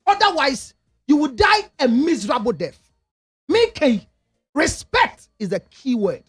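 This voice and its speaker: A Ghanaian man hosting a radio talk show as a counselor, giving preachy, emphatic advice and often shouting, in a studio. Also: very high voice, very animated, unhurried, soft background music.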